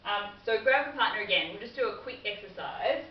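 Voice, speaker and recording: A woman's voice: medium pitch, animated, a little fast, recorded from a distance, slight background noise. A woman trainer giving a workplace communication lesson in a training room, explaining things in a friendly way. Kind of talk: classroom training talk. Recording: dull, roomy recording from afar.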